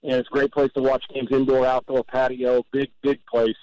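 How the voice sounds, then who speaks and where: A man's voice: medium pitch, little pitch movement, a little fast, darkish tone, dry recording, dull audio. A man from Southern California talking as a guest on a sports radio show, rambling and joking with exaggerated stories and stammered restarts. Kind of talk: casual sports radio banter.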